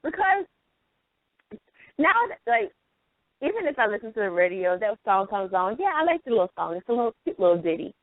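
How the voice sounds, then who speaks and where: A woman's voice: medium pitch, brisk, long pauses, no echo. A woman hosting a casual chat show, telling stories with frequent laughter. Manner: laughs often, animated storytelling. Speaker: host. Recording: tinny phone line.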